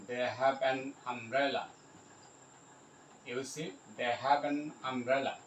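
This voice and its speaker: A man teaching English grammar, repeating each example sentence slowly and addressing his viewers directly. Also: mid-range voice, fairly even intonation, echoey room, lo-fi sound, a little hiss or hum. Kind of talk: grammar lesson.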